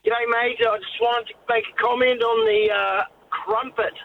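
A man's voice: very high-pitched, fairly even intonation, moderate pace. A man calling in to a radio show, laid-back and easygoing. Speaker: caller. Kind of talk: casual phone-in chat. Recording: tinny phone line with faint hiss.

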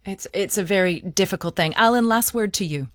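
A woman presenting a weekend radio news program, running interviews in a measured, friendly tone. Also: mid-range voice, no room sound, studio quality.

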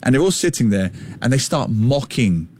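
A middle-aged man with an East London accent, talking as a podcast guest in an emphatic, animated storytelling way. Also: mid-range voice, normal speed. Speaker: guest, author and former teacher. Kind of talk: casual podcast conversation.

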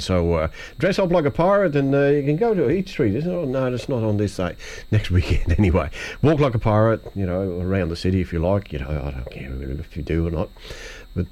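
A man's voice: on the low side, darkish tone. Chatty Australian man on community radio. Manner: rambling, chatty, with many fillers and laughs. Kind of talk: casual radio chat. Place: radio studio.

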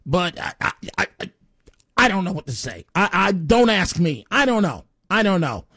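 A man's voice: sits high, very animated, normal speed, sharp tone, dry recording, studio quality. A man hosting a call-in talk radio show, rambling and opinionated, often stammering as he restarts his sentences.

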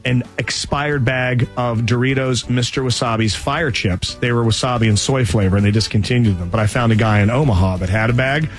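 A man's voice: medium pitch, fairly quick, hardly any pauses, soft background music. A man hosting a radio morning show, joking and playful in casual banter.

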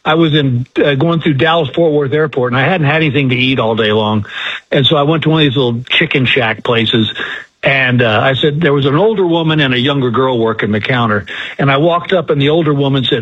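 A man's voice: a little high, a little fast, breathy edge. Older man telling stories on a muffled line. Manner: folksy storyteller, acts out quotes. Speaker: comedian guest. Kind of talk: casual storytelling interview. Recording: muffled lo-fi phone-like audio.

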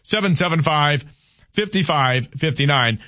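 A man's voice: a little high, expressive, measured pace, bright, forceful tone. A man hosting a talk radio show, giving opinions in a loose conversational monologue and reading listener texts aloud.

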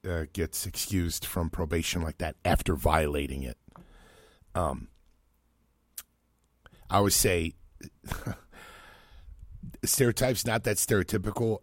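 A man's voice: deep voice, dry recording. A man hosting a talk radio show, reading listener texts and rambling with chuckles and restarts. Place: radio studio. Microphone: close studio mic.

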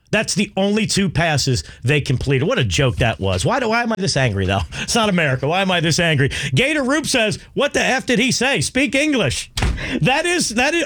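Man, sports radio host, high voice, lively pitch, rambling talk. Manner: animated, rambling, joking.

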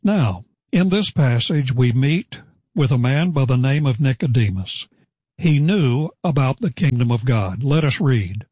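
A man preaching an expository sermon, reading scripture and explaining it in a measured way, leaning into the quoted lines. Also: mid-range voice, lively intonation, dark tone, breathy edge, dry recording.

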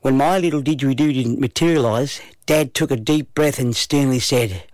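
A man with an Australian accent narrating a children's story in a relaxed, lively first-person telling. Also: mid-range voice, normal speed, dry recording.

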